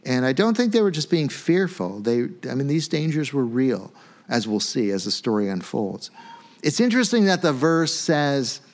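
A man, a pastor, giving a sermon in a conversational, animated way, often checking in with "right?". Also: medium pitch, normal speed. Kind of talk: sermon teaching.

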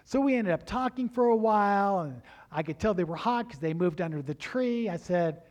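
A man delivers a sermon as a pastor. He tells a personal story in an animated way and acts out the dialogue himself. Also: high voice, moderate pace, hardly any pauses.

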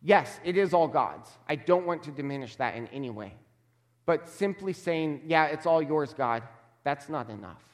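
A man preaching a sermon as a pastor, emphatic and measured, slowing down to stress key words. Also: on the high side, lively intonation, long reverb tail.

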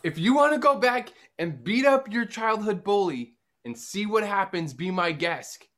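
A man's voice: high-pitched, animated, measured pace, fairly bright tone, voice pushed up. A man playing a goofy male time traveler from the future in a live improv comedy scene, with earnest, over-the-top delivery.

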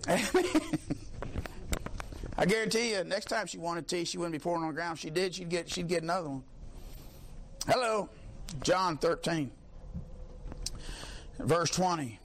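A man preaching a sermon, fiery, swinging from low talk to high shouts. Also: moderate pace, long pauses, slight background noise.

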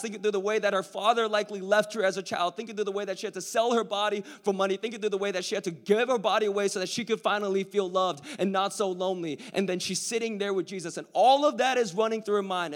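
A male preacher giving a sermon in a large hall with hundreds of people, swinging from a hushed near-whisper to loud excitement, with casual slang. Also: sits high.

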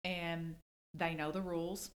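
A woman telling stories in casual chat as a podcast co-host, animated when she quotes people. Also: lowish voice, a little slow. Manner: storytelling, animated when quoting.

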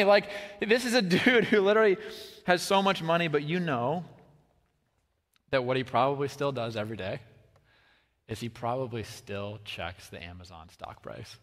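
Bright-voiced man preaching in a reverberant hall. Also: mid-range voice, normal speed. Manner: chatty, many fillers, swings between soft and lively. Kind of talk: casual conversational sermon. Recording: long reverb of a large hall.

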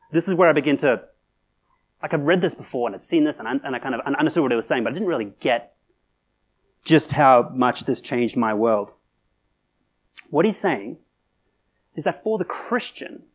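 Guy pastor giving a sermon, kinda high voice, chatty then gets loud and emphatic. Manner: conversational preaching with filler words and restarts, rising to emphatic climaxes.

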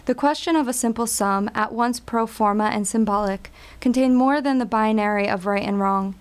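Woman narrating a story, measured and wry. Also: on the high side, clean tone.

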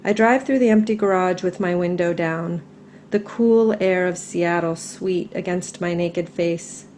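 A middle-aged woman reading her own personal essay aloud in a calm, measured, reflective way. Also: on the low side, slight background noise.

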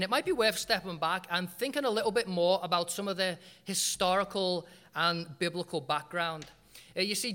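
A man delivers a sermon in a high, bright voice. He tells stories with humor and leaves dramatic pauses. A long reverb trails after his words, as in a church hall. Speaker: preacher.

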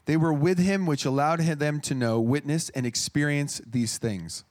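A man's voice: fairly high pitch, moderate pace, a little mellow. A man in his thirties preaching a sermon in an earnest, conversational way, often restarting his phrases.

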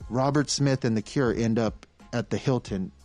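Profane, animated man telling stories. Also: mid-range voice, moderate pace, faint music behind. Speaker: guest storyteller. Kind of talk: casual podcast chat.

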